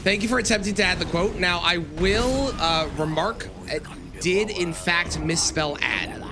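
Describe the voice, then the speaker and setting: A man's voice: high voice, measured pace, over music. A man streaming a game live, talking to his chat and grumbling at the game. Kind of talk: live gameplay commentary.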